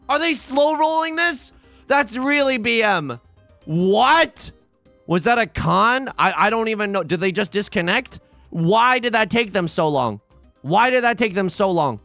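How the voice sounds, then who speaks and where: Young male let's-play host, nervous and pleading, higher bright voice, dry mic, faint game music under. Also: no echo. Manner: anxious, pleading, exclamatory. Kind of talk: live gameplay commentary.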